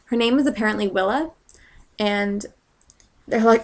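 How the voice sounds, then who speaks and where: A woman's voice: medium pitch, measured pace, pauses often. Rambling young woman recapping a book. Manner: rambling, filler-heavy, sarcastic asides. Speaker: vlogger recapping a book chapter. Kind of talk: casual chat.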